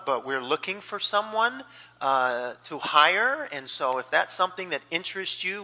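A man's voice: fairly high pitch, bright, forceful tone. A male pastor giving a sermon in a church sanctuary, rambling along with many fillers and restarts. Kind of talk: sermon with a told joke. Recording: long hall reverb.

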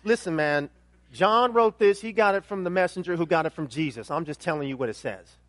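A male pastor preaching with a noticeably high-pitched voice. He builds emphatic questions to a loud peak, then sinks into a quiet, intense delivery. The sound is dry and close, with no room echo. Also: animated, fairly quick. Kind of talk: sermon.

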